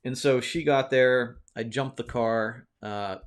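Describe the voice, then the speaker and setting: A man's voice: medium pitch, fairly even intonation, slow. A man hosting his own video, telling a personal story in a casual, rambling way, with many fillers and restarts, often checking in with "right?". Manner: reflective, encouraging. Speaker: video host.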